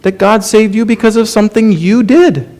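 A man preaching a sermon, earnest and questioning, often dropping to a soft, low delivery for emphasis. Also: normal speed.

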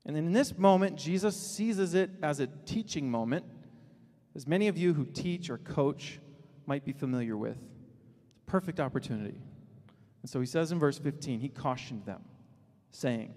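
A man preaching a sermon as pastor, with emphatic declarations that drop to low, quiet asides. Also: expressive, normal speed. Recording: long reverb of a large hall.

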